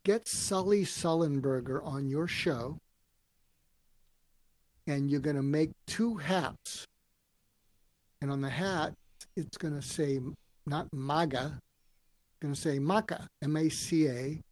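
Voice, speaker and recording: A man telling stories in an interview, acting out quoted lines with lively voices. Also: on the high side, slow pace, long pauses, dry recording. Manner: animated storyteller acting out quotes. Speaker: guest, author and speaker. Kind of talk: storytelling interview answers.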